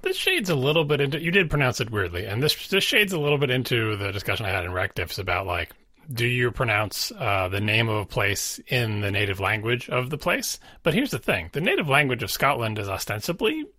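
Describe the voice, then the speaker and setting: A man's voice: medium pitch, big pitch swings, a little fast, bright, forceful tone, no echo. A man co-hosting a podcast, chatting casually and explaining with a wry, conversational manner. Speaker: podcast co-host. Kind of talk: casual chat.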